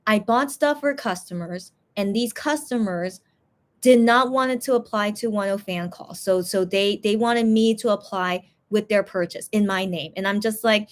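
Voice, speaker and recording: A tired woman hosts a casual livestream, rambling as she chats and reads fan comments aloud. Her voice is mid-range and her speed is normal.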